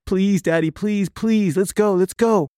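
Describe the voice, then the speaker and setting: Brief: tearful eleven-year-old boy pleading in a high, strained voice, put on by a man telling a story, dry sound. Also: unhurried, mellow, dry recording. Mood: begging. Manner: high, begging repetition.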